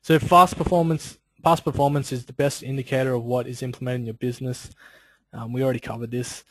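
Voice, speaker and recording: Quick and steady, a man at medium pitch teaches a webinar in an easygoing, chatty style. Filler like "you know" and "like" crops up often between his casual asides. The low-quality recording has no echo.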